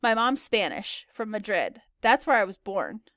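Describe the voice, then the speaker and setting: A woman's voice: medium pitch, big pitch swings, moderate pace, fairly bright tone, no room sound. A woman voicing a confident, well-traveled young girl with dry, lightly sarcastic humor in a storybook reading. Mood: breezy.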